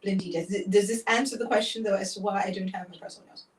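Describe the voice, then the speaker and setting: A woman's voice: mid-range voice, fairly even intonation, fast. Wry woman storyteller, roomy and distant. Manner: dramatic, wry, repeats a catchphrase. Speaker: host. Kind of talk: casual storytelling chat.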